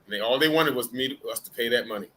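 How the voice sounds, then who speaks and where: A middle-aged man hosting a live chat and telling a casual, animated anecdote, with restarts and the odd curse word. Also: mid-range voice, very fast. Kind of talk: casual storytelling.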